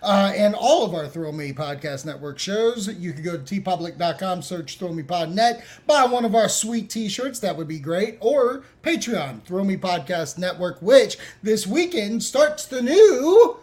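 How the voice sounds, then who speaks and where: Man, podcast co-host, casual banter, jokey, laughs a lot, very animated pitch. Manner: joking, laughs often, quick bursts of excitement.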